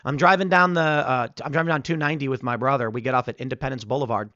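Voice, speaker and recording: A man's voice: medium pitch, steady tone, very fast, sharp tone, no room sound, lo-fi sound. A middle-aged man from Chicago with a Chicago accent, hosting a political commentary show and telling rambling stories. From United States. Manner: rambling storytelling, acts out quotes.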